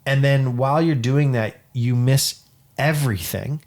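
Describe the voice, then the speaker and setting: A man's voice: medium pitch, unhurried, darkish tone. A man in his late thirties, a podcast co-host telling a personal family story in an earnest, heartfelt way during casual chat. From Canada. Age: 30s. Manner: earnest storytelling, acts out quoted family dialogue. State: dad.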